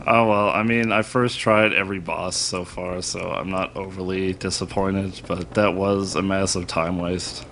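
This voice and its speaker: A man's voice: low-pitched, fairly even intonation, measured pace, hardly any pauses, fairly bright tone, slight background noise. A man commentating his own live speedrun, self-deprecating and laughing often.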